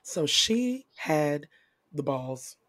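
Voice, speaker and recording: A woman's voice: low voice, big pitch swings, extremely slow, a bit bright, dry recording, clean studio sound. A young woman co-hosting a casual chat show, playful and laughing often. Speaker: podcast co-host.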